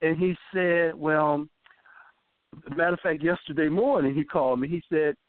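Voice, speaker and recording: A man's voice: a little high, moderate pace, no room sound. A man in his fifties, a guest on a phone interview, animatedly telling a story and acting out the voices of the people in it. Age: 50s. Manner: animated storyteller who acts out quoted voices. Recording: dry tinny phone line.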